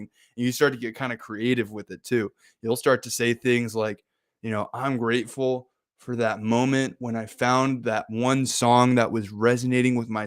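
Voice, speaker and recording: Playful, animated young man telling a story. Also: medium pitch, clean tone, dry recording, clean studio sound. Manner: animated, playful, laughs and acts out his own excited exclamations. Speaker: podcast host. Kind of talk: casual personal storytelling.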